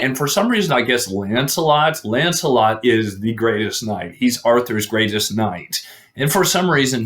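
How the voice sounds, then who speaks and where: A man's voice: on the low side, fairly bright tone. A man casually retelling an old legend, rambling with fillers and restarts.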